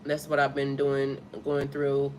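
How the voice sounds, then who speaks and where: A woman's voice: very deep voice, completely flat delivery, a little slow, darkish tone, slight background noise. A woman who is a spiritual life coach talks bluntly and with lots of swearing in a casual live stream, stopping to read out comments from viewers. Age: adult with a child. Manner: blunt, profane, emphatic.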